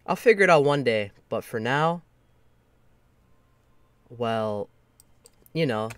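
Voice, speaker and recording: A man's voice: medium pitch, animated, slow pace, clean tone, no room sound. A young man streaming a game, chatting casually, swearing and joking about himself as a beginner. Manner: casual, swearing, self-mocking. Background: music.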